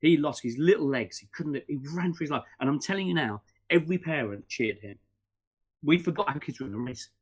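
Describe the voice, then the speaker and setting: A middle-aged man holds forth as a podcast guest, his pitch rising and falling in lively swings. He talks fast and rambles, tripping into restarts and peppering his talk with fillers. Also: slightly rough. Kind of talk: casual interview chat.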